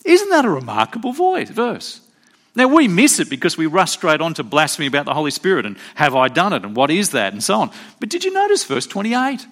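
A man preaching a sermon, telling stories and acting out quotes with animated delivery. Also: fairly quick. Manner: animated storytelling, acts out quotes with rising pitch.

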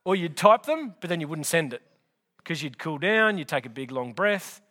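Emphatic preacher with a raised voice. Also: male voice, a little high, big pitch swings, moderate pace, pushed and bright. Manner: emphatic, conversational, addresses listeners directly. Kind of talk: sermon, expository Bible teaching.

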